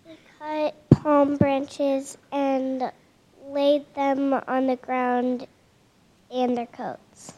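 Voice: high voice, flat delivery, highs cut off. A child answering a pastor's questions during a children's message in church. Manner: answers slowly, shouts together with others. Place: church, amid a congregation.

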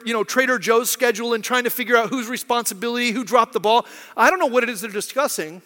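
A man's voice: high-pitched, bright, forceful tone. A man preaching a conversational sermon as pastor, acting out quoted voices and often checking in with "right?". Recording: long hall reverb.

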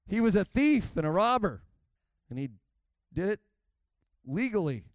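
A man's voice: sits high, big pitch swings, unhurried, no room sound. A man preaching a sermon in a church, telling stories and acting out the quotes of the people in them. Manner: preaching with rising intensity, acts out quotes. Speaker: pastor.

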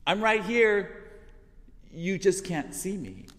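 A man voicing God as a patient, reassuring male presence who speaks plainly and gently, within a sermon. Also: high voice, expressive, slow pace, big-room sound, voice pushed up, heavily acted.

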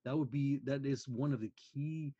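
An eager male interviewer keeps the chat loose and agrees readily with his guest. His voice is somewhat husky and sits at an ordinary pitch. The sound is close and dry. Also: moderate pace, warm tone, dry recording, muffled recording. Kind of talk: casual conversation.

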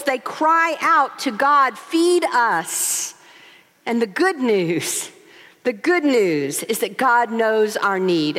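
A woman co-pastor in her forties preaching a sermon, telling stories and asking rhetorical questions. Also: on the high side. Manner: expressive storytelling with rhetorical questions. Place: large church sanctuary. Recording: long hall reverb.

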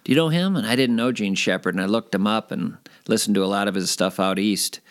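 Man, slightly low voice, former radio host, rambling animated anecdotes. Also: fast talker, faint music behind. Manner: animated, rambling, self-deprecating. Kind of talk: casual interview storytelling.

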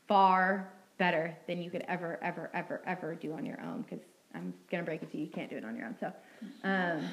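A young woman speaks in a slightly low voice, giving a personal testimony to a youth gathering. She is earnest and heartfelt, and she talks casually with many "like"s and "um"s. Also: poor audio. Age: young adult. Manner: earnest, heartfelt, frequent "like" and "um" fillers. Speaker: student speaker at a youth ministry meeting.

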